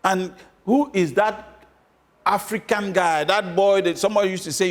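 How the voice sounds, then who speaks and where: Male guest, high voice, emphatic, hammers points home by repetition. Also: moderate pace. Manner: emphatic, repeats points for stress. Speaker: interview guest, former candidate. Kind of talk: interview answers.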